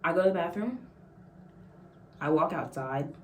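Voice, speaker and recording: A woman's voice: fairly low pitch, animated, normal speed, a little hiss or hum. A young woman vlogger telling a casual story, acting out quotes and laughing often. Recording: echoey room, mic at a distance.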